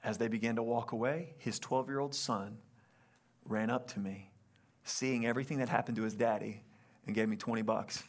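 Gravelly-voiced man preaching a story. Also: medium pitch, normal speed, background noise. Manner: animated storyteller acting out quotes. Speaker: pastor. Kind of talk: sermon storytelling.

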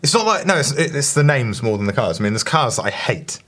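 A man's voice: medium pitch, quick pace. Ranting man. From southern England. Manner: ranting, joking, animated. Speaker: podcast co-host. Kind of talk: casual banter.

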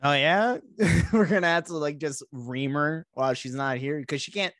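A man's voice: on the high side, moderate pace, fairly bright tone, dry recording, clean studio sound. A man co-hosting a podcast over a video call, joking crudely, laughing often and stumbling over repeated words. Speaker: podcast co-host. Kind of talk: crude comedic banter.

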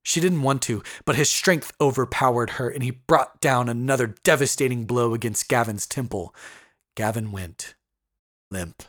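Husky male horror narrator. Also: medium pitch, moderate pace, a bit bright, no echo, clean studio sound. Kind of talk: scripted horror story narration.

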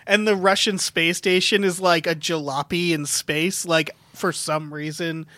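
A man co-hosting a casual podcast, talking about a film in an animated way and acting out scenes as he retells them. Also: on the high side, a little slow, dry recording. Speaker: podcast co-host.

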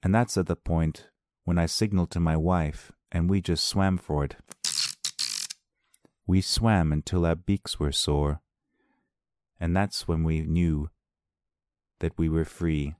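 A man voicing a male dolphin who recounts escaping armed dolphins, speaking slowly and mock-solemnly. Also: sits low, fairly even intonation, darkish tone, dry recording, clean studio sound. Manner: slow, mock-solemn storytelling. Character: male dolphin survivor telling a grim tale.

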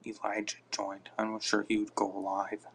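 A man's voice: on the low side, completely flat delivery, normal speed, fairly bright tone, a little hiss or hum. A man hosting a casual live podcast on his phone, rambling and reacting aloud to listener comments. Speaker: podcast host.

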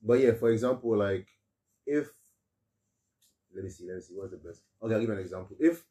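Guy on a podcast, low dark voice, rambling and restarting a lot. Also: animated, recorded from a distance. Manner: talks fast with many restarts and fillers. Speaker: podcast co-host. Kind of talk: casual chat.

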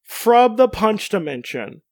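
A man's voice: high-pitched, sing-song, slow pace, a little mellow, no echo, clean studio sound. A man co-hosting a casual podcast chat, reading out a character profile with joking asides. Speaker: podcast co-host.

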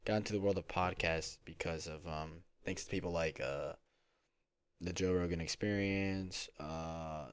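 A man's voice: deep voice, no room sound. A young man hosting his first home podcast in casual solo chat, rambling and self-conscious with lots of fillers and restarts. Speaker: podcast host. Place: home room. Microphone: home recording mic.

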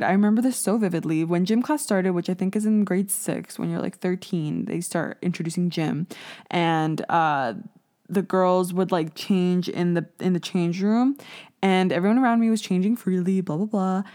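A woman's voice: fairly low pitch, darkish tone. Chatty, candid young woman podcaster. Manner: chatty and candid, with frequent "like" fillers and swearing; self-mocking, laughs at herself. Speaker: podcast host. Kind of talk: casual solo podcast monologue.

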